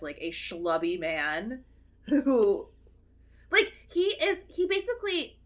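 A woman co-hosting a podcast, chatting casually about a film, expressive and quick to swear and laugh. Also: medium pitch. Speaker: podcast co-host.

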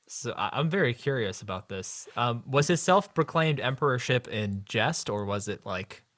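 A man's voice: medium pitch, lively intonation, normal speed, fairly bright tone, dry recording. A man co-hosting a podcast, joking with dry sarcasm in casual chat. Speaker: podcast co-host.

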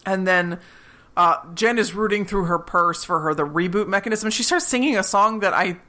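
A woman's voice: mid-range voice, fairly quick. A woman co-hosting a podcast, animatedly recapping a TV episode and acting out the characters. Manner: animated, acts out quoted characters. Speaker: podcast co-host.

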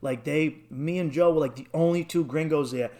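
A young man telling travel stories in casual chat, rambling and swearing, acting out the people he quotes in a high voice. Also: moderate pace, mellow.

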